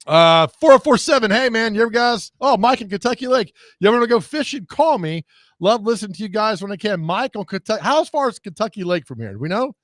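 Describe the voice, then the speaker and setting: A man's voice: sits high, big pitch swings, fast, no echo, clean studio sound. A man hosting a radio show, telling rambling, jokey stories in casual chat.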